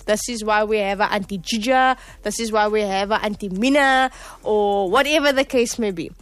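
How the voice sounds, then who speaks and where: A woman's voice: medium pitch, normal speed, dry recording. A South African woman hosting a radio show in a studio, cheerful and chatty, laughing now and then. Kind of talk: casual radio chat.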